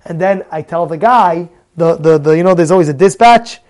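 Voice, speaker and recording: A man's voice: a little high, moderate pace, darkish tone. A man telling a personal story in a Torah lesson, acting out the dialogue with many restarts and Hebrew words mixed in. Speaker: Torah teacher.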